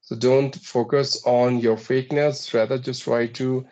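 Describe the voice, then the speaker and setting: Indian-accented male mentor for a practice call: methodical, ticks off points one by one, mid-pitched, slightly dull lo-fi sound. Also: flat delivery, darkish tone. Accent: Indian English. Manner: measured, advisory, counts points off one by one. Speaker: English practice partner. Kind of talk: conversational English practice session.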